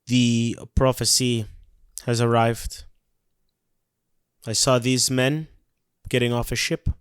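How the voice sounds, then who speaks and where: A man playing a tabletop game in character, solemn and measured, on a close mic. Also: mid-range voice, clear, resonant tone, no room sound. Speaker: player. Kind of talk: in-character tabletop role-play.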